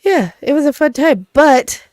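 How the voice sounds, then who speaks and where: A woman's voice: high-pitched, expressive, unhurried, a little mellow, no echo. A woman in her thirties with an American accent, co-hosting a radio show in casual chat while sick with bronchitis. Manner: chatty, laughing, teasing. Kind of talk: casual studio banter. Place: radio studio.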